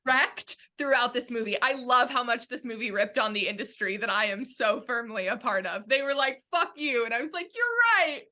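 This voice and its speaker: Young woman, podcast guest; bright, forceful tone, laughing storyteller. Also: on the high side, brisk, few pauses. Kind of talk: casual film podcast chat.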